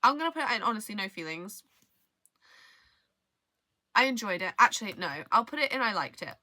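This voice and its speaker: A woman's voice: mid-range voice, animated, brisk, bright, forceful tone, no echo. Rambling young woman reviewing books. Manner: rambling, trails off, hesitant restarts. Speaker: book vlogger. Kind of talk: casual book review chat.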